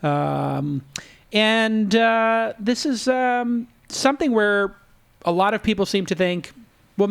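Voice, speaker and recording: A man hosting a tech roundtable podcast, chatting casually with quick jokes and playful asides. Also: high-pitched, vocal fry, smooth. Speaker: podcast host.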